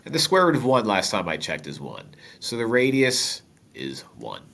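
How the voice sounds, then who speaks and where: Male math teacher, low nasal stuffy voice, lively bright delivery, joking asides. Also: moderate pace, vocal fry. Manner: relaxed, joking asides to viewers. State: stuffy with a cold. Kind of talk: step-by-step math lesson.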